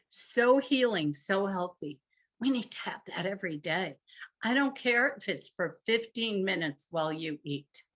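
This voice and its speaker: An older woman speaks to couples at a marriage workshop, her medium-pitched voice pushed and bright. She's emphatic and conversational, teaching as she goes, and her voice dips and rises dramatically.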